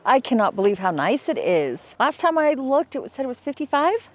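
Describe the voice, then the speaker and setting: A woman's voice: sits high, big pitch swings, a little fast. A woman vlogging outdoors in a casual way, gushing at her dogs in baby talk. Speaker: travel vlogger. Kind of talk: casual vlog narration. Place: outdoors near a river and highway.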